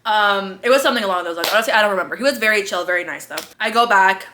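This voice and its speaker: A woman's voice: mid-range voice, rapid-fire, background noise. A young woman telling a story in a casual vlog, slangy and profane, rambling with fillers, out of breath and congested. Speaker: vlogger.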